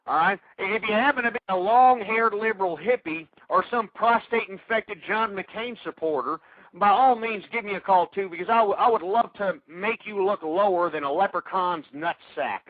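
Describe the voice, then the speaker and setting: In tinny, phone-like radio audio with a dry recording, a man speaks in a high voice at a normal speed. He hosts call-in talk radio, ranting angrily about politics at his listeners, insulting them and stammering as he restarts.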